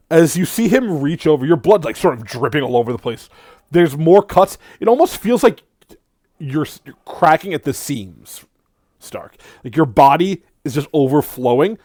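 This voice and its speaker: A man narrating a tabletop game as game master, in slow, dramatic, hushed delivery. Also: on the high side, big pitch swings, no echo, studio quality.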